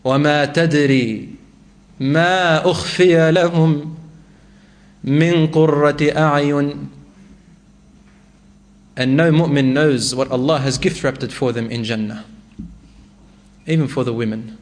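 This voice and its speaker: A man's voice: a little high, fairly even intonation, fast, long pauses. A man preaching a sermon, reciting Arabic verses and retelling a story with rising emotion.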